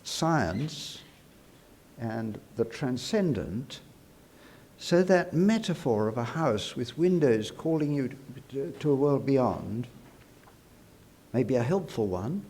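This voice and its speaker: A man giving a prepared speech into a microphone at a university congress, measured and reflective, with frequent "uh" fillers. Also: mid-range voice, big pitch swings, dark tone. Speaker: award-winning speaker at an academic congress. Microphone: speaking into a podium microphone.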